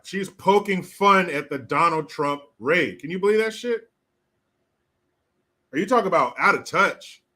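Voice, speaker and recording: A man's voice: on the high side, pushed and bright. A man hosting a live stream, ranting with sarcastic, profane, mocking commentary. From California.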